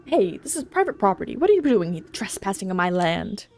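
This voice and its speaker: A woman voicing a surly, boastful male ox farmer in a game, reading his lines gruffly and scornfully. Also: mid-range voice, big pitch swings, brisk, a little mellow, soft background music.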